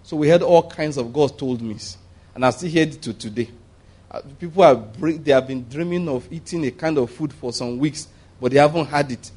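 A man preaching a sermon, animated and humorous, often restarting sentences and acting out the voices he quotes. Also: a little high, normal speed, husky.

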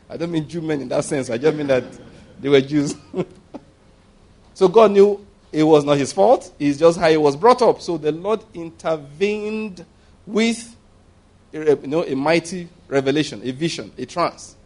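A man preaching a sermon, animated and humorous, often restarting sentences and acting out the voices he quotes. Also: on the high side, unhurried.

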